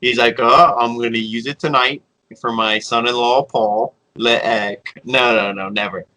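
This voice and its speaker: A man's voice: medium pitch, fairly even intonation, normal speed, sharp tone, rough recording. A man co-hosting a casual wrestling review, joking and acting out what people said. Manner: joking, acts out quotes in voices. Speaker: podcast co-host.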